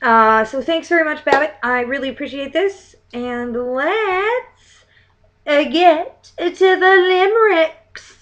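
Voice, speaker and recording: A woman's voice: sits high, lively intonation, takes it slowly, fairly bright tone, dull audio. A young woman vlogger in a casual chat, reading limericks aloud in a theatrical sing-song way and dropping to muttered asides between them.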